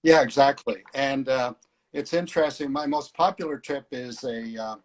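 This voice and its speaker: In a laid-back interview, this middle-aged flying-tour organizer spins his stories easily, though he leans heavily on hesitant fillers. He talks at an ordinary speed with a medium-pitched voice.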